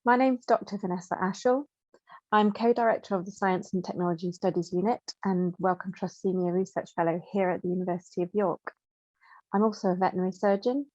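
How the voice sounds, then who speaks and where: A British woman chairing an event, giving a measured, scripted introduction of the speaker. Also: medium pitch, mellow, no echo. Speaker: session chair, host. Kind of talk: formal introduction. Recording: dull lo-fi sound.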